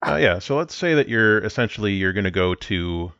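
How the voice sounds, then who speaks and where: A man running a tabletop game as game master, explaining rules in a relaxed way with frequent restarts. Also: lowish voice, a little fast, no room sound, highs cut off.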